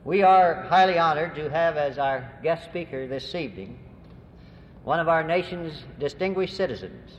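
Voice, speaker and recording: A man gives a measured, formal address at a podium, his voice a little high, with the occasional hesitation. The sound comes from a dull old recording of a large hall with a long reverb and faint noise. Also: expressive. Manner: measured, courteous, with hesitant fillers. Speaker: university president.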